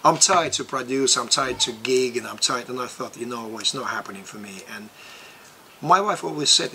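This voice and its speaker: A man's voice: medium pitch, normal speed, background noise. Man in his forties with a Russian accent. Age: 40s. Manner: animated, laughs often, loud voice. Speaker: boxing promoter. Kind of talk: casual interview.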